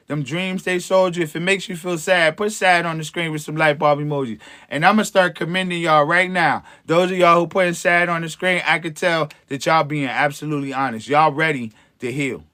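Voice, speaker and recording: High, bright-voiced man coaching viewers. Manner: preachy, encouraging, chuckles often, slangy. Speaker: host, empowerment coach. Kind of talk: livestream motivational talk to viewers.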